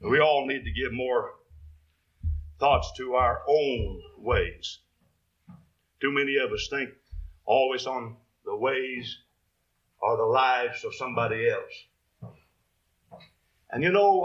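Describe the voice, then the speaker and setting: A man's voice: medium pitch, slow pace, pauses often, fairly bright tone, dull audio. A man preaching a sermon, quoting scripture in King James wording and building to emphatic peaks.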